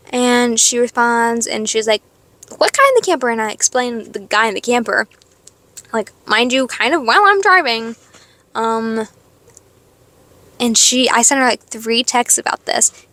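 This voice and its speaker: A young woman vlogging from her parked car, telling a story in a chatty, animated way, full of "like" and sudden squeals of excitement. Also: fairly high pitch, no echo. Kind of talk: casual storytelling chat. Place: parked car in a parking lot.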